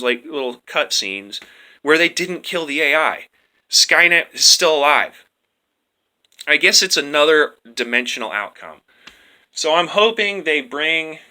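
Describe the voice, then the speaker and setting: Bright-voiced ranting man. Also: mid-range voice. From United States. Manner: crude, slangy and exasperated, says "dude" a lot. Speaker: movie reviewer. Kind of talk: casual rant.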